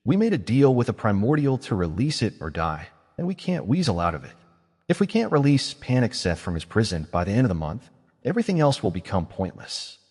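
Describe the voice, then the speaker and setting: A man doing a cool, scheming mage with a lively voice. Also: mid-range voice, slightly rough, in a large hall. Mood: calm. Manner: measured, reasoning tone. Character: calm scheming male mage, coolly persuasive.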